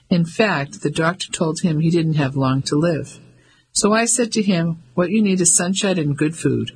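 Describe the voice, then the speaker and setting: A woman's voice: low-pitched, slightly rough, full character voice, poor audio. A man voicing a gossipy middle-aged landlady with a Cockney accent, homely and confiding.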